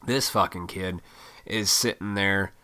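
Deep-voiced, profane, rambling man. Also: unhurried, bright, forceful tone. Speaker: vlogger. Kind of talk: casual rant.

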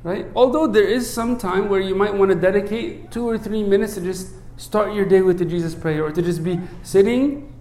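A man who is a priest, preaching a sermon in an earnest way, often checking in with "right?" and dropping low and soft when he recites a prayer. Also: moderate pace, few pauses, roomy sound. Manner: earnest, asks many rhetorical "right?" checks.

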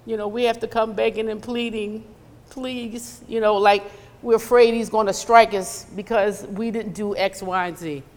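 A woman's voice: mid-range voice, steady tone, normal speed, a little mellow. A woman delivers a conversational sermon, breaking into acted asides. Her voice sits in the middle of the range. It rings with the long reverb of a church hall. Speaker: preacher. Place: church sanctuary.

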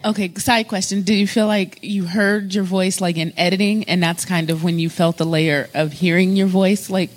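A woman's voice: lowish voice, steady tone, moderate pace, few pauses. A woman moderating a casual panel discussion, thoughtful and asking probing questions.

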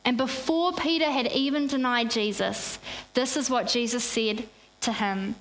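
A woman's voice: a little high, moderate pace, fairly bright tone, slight background noise. A woman preaching a sermon at a church service, drawing the congregation into call-and-response. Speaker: pastor.

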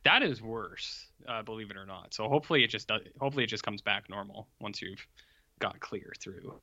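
A man's voice: on the low side, animated, fairly quick, gravelly, sharp tone, dull audio. A man co-hosting a podcast, chatting casually and rambling over a call. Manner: rambling, self-interrupting. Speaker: podcast co-host.

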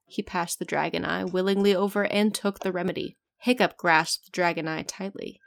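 A woman's voice: on the low side, steady tone, normal speed, gravelly. Woman, casual read-aloud narrator, giggly, jokes between lines. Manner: giggly, breaks off to joke about the text. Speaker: fan fiction reader. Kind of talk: casual reading of a story aloud with commentary.

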